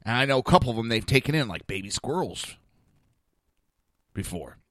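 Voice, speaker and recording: A man casually telling a personal story, animated and exasperated, acting out the dialogue. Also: mid-range voice, moderate pace, dry recording, clean studio sound.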